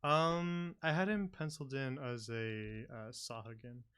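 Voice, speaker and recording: A man's voice: medium pitch, a little slow, smooth. Laid-back male game master. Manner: relaxed, laughs easily, many fillers. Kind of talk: casual tabletop game talk.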